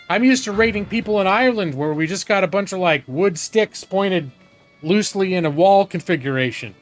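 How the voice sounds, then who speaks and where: A man's voice: high voice, moderate pace, faint music behind. A man casually commenting while he plays a strategy game live, swearing now and then and talking to his chat. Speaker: streamer playing a strategy game.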